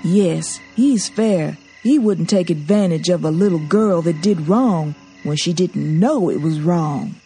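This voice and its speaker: A woman voicing an earnest, gentle young man who counsels a girl. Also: lowish voice, measured pace, few pauses, soft background music. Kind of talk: audiobook character voice.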